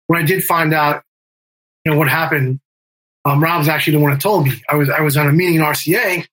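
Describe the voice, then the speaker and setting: A man's voice: on the high side, fairly even intonation, fast talker, fairly bright tone, poor audio. A middle-aged man telling a long story in casual interview talk, rambling with fillers and restarts and swearing. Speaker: guest, band member and music manager.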